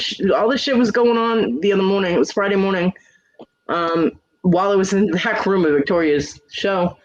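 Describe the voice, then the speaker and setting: Man, high voice, profane venting, casual stream chat, muffled lo-fi sound. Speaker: livestream host. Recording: dull lo-fi stream audio.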